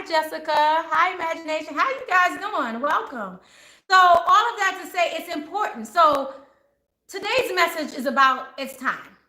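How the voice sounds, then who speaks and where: A woman's voice: high-pitched, pushed and bright, roomy sound, low-quality recording. A woman hosting a live spiritual chat, talking casually and passionately in a preachy way, often laughing. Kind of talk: casual live-stream talk.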